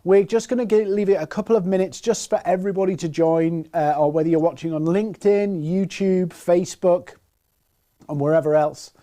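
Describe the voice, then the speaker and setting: Broadcasting from his home set-up in Plymouth, a man from the north of England hosts a live sales webinar intro, greeting viewers by name and location in a chatty way. He speaks a little fast in a warm, high-sitting voice with fairly even intonation.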